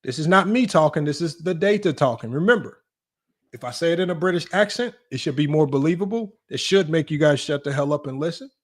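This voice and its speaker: A man's voice: a little high, lively intonation. Brash teasing livestream host, a man. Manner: brash, rapid, teasing, talks straight to chat. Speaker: sports debate livestream host. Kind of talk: casual live-stream commentary.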